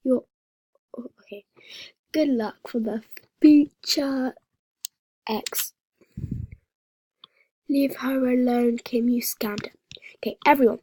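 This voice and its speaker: Breathy, slow-talking female gamer vlogger. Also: on the high side, dark tone, no room sound. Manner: chatty and dramatic, often half-whispering. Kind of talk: casual gaming vlog commentary.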